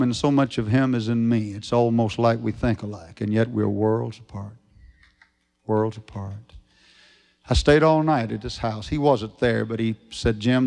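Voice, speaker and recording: Gravelly preacher man. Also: medium pitch. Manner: folksy, rising to shouted fervor at climaxes. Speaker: evangelist preacher. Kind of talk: revival sermon with storytelling.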